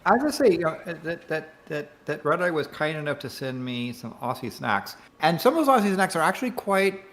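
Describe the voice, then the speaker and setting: A man chatting on a stream, halting and filling pauses with "uh" and restarts. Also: a little high, expressive, fairly bright tone, a little hiss or hum. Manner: halting, many fillers and restarts. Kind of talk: casual chat.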